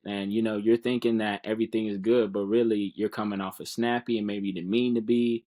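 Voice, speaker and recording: Low-voiced guy on a podcast, earnest and encouraging, kinda restarts his words a lot. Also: little pitch movement, fairly quick, mellow. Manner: earnest, encouraging, repeats words while searching for them. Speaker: guest speaker. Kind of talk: casual podcast interview.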